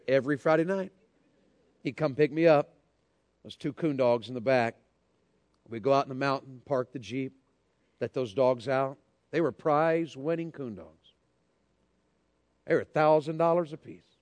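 A man's voice: fairly high pitch, dry recording. A man preaching a sermon, telling a folksy, joking story and addressing the crowd directly.

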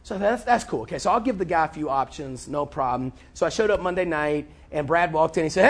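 A man preaching, telling a story with animated, repetitive delivery and acted-out dialogue. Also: fairly high pitch, fast talker, few pauses. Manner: animated, repeats words, acts out dialogue. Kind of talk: sermon storytelling.

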